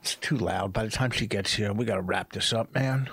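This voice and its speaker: Gruff, cursing New man. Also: fairly low pitch, fairly quick, fairly bright tone, dry recording. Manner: gruff teasing, swears a lot. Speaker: podcast co-host, comedian. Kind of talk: casual banter with his wife.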